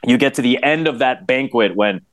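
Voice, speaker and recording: A man talks with eager enthusiasm in a casual podcast chat, often restarting his sentences as he goes. His voice sits in a middle pitch. The recording is dry and close, with no room sound. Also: lively intonation, a bit bright, no room sound. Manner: enthusiastic, many quick restarts. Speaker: podcast guest, play-by-play broadcaster.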